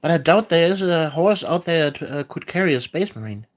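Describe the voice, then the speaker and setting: A woman chatting casually on a livestream while painting miniatures, hesitant and full of filler pauses. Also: low-pitched, expressive.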